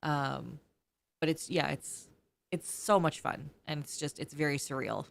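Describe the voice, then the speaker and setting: A woman's voice: low-pitched, a little slow, creaky. A woman, the streamer's partner, chatting casually and earnestly with viewers. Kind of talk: casual livestream chat.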